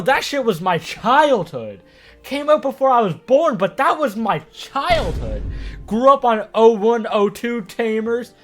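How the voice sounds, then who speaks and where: Man, casual video commentary, lively swinging pitch, loose and profane, faint music underneath. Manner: animated, profane, rambling. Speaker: YouTube anime commentator.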